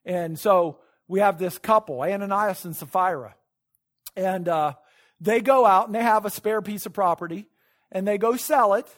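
A male pastor preaching a sermon in a church, retelling a story with sudden loud peaks, hushed asides and laughs at his own points. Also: high voice, moderate pace.

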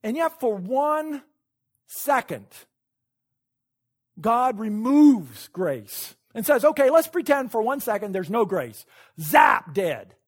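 Animated storytelling male pastor preaching. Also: very high-pitched, slow pace. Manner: storytelling, animated with sudden loud peaks and quiet asides; laughs at his own points. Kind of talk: sermon.

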